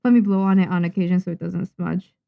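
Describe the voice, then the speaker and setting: A young Japanese woman, a manga artist, chatting casually on a livestream while she draws, muttering and calming herself down. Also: lowish voice, quick pace, gravelly, highs cut off. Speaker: manga artist streaming her drawing.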